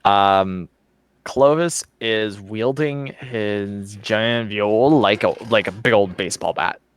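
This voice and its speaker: A man running a tabletop game as game master, narrating in a relaxed, casual way. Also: on the low side, slow, smooth, no room sound. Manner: relaxed, casual, swears offhand.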